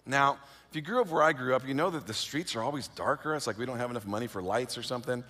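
A middle-aged man from California telling a personal story in a lively, self-mocking way, full of fillers and restarts and acting out the voices he quotes. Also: mid-range voice, fast. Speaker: speaker. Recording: long reverb of a large hall.

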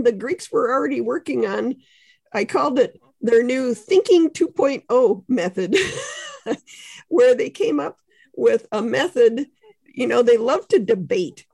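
A woman's voice: high-pitched, vocal fry, darkish tone, dry recording. A woman author, a podcast guest, explaining ideas in conversation with examples and frequent asides. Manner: explains ideas with examples, frequent "you know" and small laughs.

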